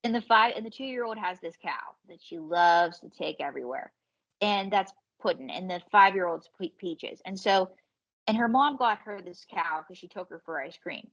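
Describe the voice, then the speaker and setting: Animated woman telling stories. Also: on the low side, muffled recording. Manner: animated storyteller, swearing, quick quoted voices. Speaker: comedian and ventriloquist guest. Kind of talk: casual podcast storytelling.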